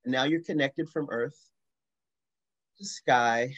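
A man leading a slow, soothing guided grounding meditation as the facilitator of a video-call assembly. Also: mid-range voice. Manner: slow, soothing guidance with bursts of excitement.

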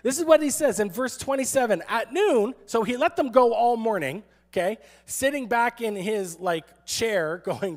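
A man's voice: high voice, lively intonation, normal speed. A man who is a pastor, giving a sermon in a playful, sarcastic storytelling manner and acting out quotes.

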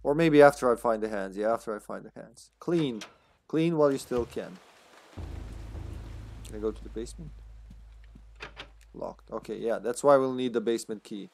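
A man's voice: medium pitch, moderate pace, creaky, pauses often, a little mellow, a little hiss or hum. A man with a Serbian accent, a native Serbian speaker, chatting casually and laughing often as he livestreams a game. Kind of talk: casual gameplay commentary.

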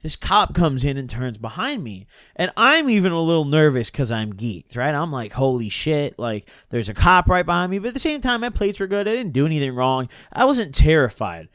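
A young man spins a rambling, slangy story, his pitch bouncing up and down as he goes. His voice sits a touch high for a man. The sound is dry and close, with no room echo. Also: big pitch swings, a little fast, few pauses, a bit bright. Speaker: streamer. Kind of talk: casual storytime.

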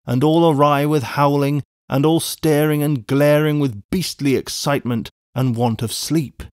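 A man narrating a classic novel as an audiobook in a measured, even reading. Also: mid-range voice, no echo, clean studio sound. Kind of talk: scripted narration.

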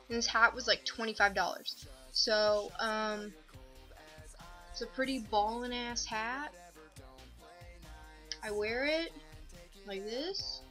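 Bright-voiced young woman rambling in a vlog. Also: fairly high pitch. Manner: rambling, goofy and profane, with lots of fillers. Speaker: vlogger. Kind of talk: casual show-and-tell vlog.

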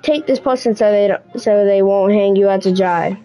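Casting: older kettle guardian, earnest warnings, mellow voice, read by a woman. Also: medium pitch, normal speed, close to an everyday voice, low-quality recording. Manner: read aloud with slips and restarts. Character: old male kettle, worried guardian.

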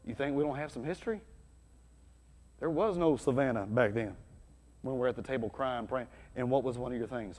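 A man preaching a sermon as pastor, conversational and energetic, with sudden loud bursts. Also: mid-range voice, fairly quick, long pauses. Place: church hall. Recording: long hall reverb.

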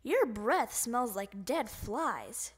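A woman voicing a stern, grumpy female doctor, speaking slowly and deliberately in a storybook reading. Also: a little high, very animated, slightly rough, exaggerated voice. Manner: slow and deliberate.

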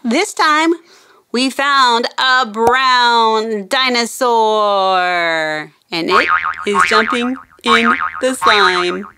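A young adult woman hosting a children's show, narrating slowly and gently in a sing-song, animated way for kids. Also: sits high, noisy background. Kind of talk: slow kid-directed narration.

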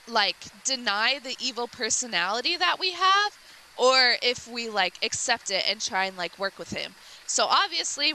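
A woman streamer recounts a game's plot in a loose, rambling way, full of likes and false starts. Her voice is bright and sits a little high, with a faint hiss in the background. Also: low-quality recording. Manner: rambling with many likes and restarts. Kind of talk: casual retelling of a game story.

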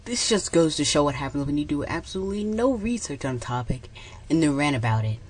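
A woman's voice: low voice, expressive, fast, darkish tone, slightly rough, no echo. A woman giving a blunt, dismissive commentary on a video.

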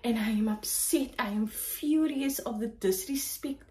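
A woman's voice: on the high side, measured pace, low-quality recording. Chatty woman vlogger telling a story. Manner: animated, chatty storytelling full of "like". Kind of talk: casual story time.

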